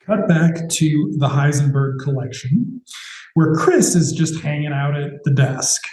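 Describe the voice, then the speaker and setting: Podcast guy snarking thru an episode recap, mellow tone, roomy echo. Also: on the high side, unhurried. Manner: sarcastic, profane recapping. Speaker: podcast co-host. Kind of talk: casual chat recapping a TV episode.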